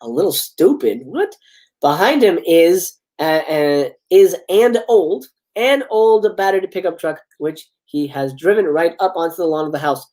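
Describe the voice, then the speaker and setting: A man's voice: fairly high pitch, expressive, measured pace, darkish tone. A man hosting a livestream, reading a film script aloud and breaking off to chat with viewers. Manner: reads stage directions then breaks off into casual commentary to viewers. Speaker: livestream host. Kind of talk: live script read-aloud with chatty asides.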